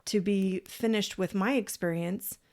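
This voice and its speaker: A woman co-hosting a podcast, telling a personal story in a casual, animated way, acting out what people said and swearing freely. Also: medium pitch, a little slow. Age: parent, adult. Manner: animated, acts out quoted voices. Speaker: podcast co-host.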